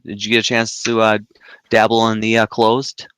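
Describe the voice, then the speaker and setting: A man's voice: fairly low pitch, monotone, a bit bright, smooth, no echo. A man co-hosting a casual gaming podcast, asking questions and teasing the others. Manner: teasing, quick interjections. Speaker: podcast co-host.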